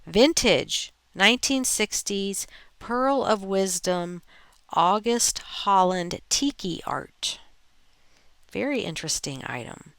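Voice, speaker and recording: A woman hosting a reselling channel, relaxed and chatty as she reads viewer posts aloud with her own asides. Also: mid-range voice, takes it slowly, clear, resonant tone, no echo. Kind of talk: reading viewer posts in a casual narration.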